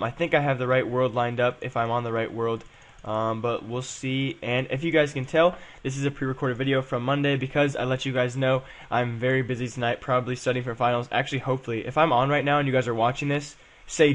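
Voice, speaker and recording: A young man chatting casually as he plays and comments on a game, rambling and saying "um" and "guys" a lot. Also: medium pitch. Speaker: gaming channel host.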